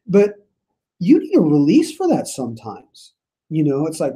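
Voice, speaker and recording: Mellow, husky man leading Bible study. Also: a little high, wildly swooping pitch, unhurried. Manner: casual and musing, reads scripture aloud with emphasis. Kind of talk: conversational Bible study teaching. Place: church meeting room.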